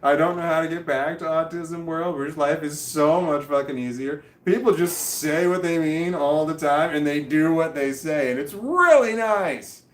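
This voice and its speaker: A man's voice: a little high, steady tone, moderate pace, hardly any pauses, roomy sound. A man livestreaming and answering chat in a rambling, casual monologue, swearing constantly and often losing his train of thought.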